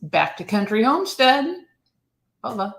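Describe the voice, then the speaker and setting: A woman's voice: medium pitch, lively intonation, a little slow, gravelly, a bit bright. A woman co-hosting a casual live stream, friendly, laughing often and greeting viewers by name.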